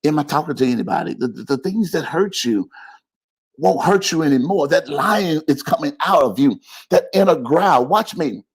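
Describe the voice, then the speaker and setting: A man's voice: on the high side, expressive, moderate pace, slightly rough. A man preaching a live-streamed sermon as pastor, calling out to the congregation with repeated phrases and building to rising, heated intensity.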